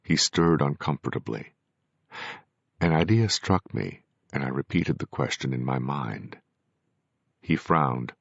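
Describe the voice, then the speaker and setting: A man narrating a novel in first person, measured and grave. His voice is extremely deep and gravelly. The sound is dry and dull, with a lo-fi, muffled top end. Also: expressive, no room sound. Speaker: audiobook narrator.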